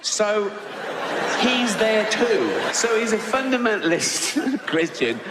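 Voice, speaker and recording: Performing stand-up in a large theatre before a live audience, this Reading-born comedian with an English accent tells blunt, crude stories conversationally and keeps asking "right?" His voice is high-pitched with big pitch swings and a slow pace. Heavy background noise, reverb, and crowd laughter fill the recording.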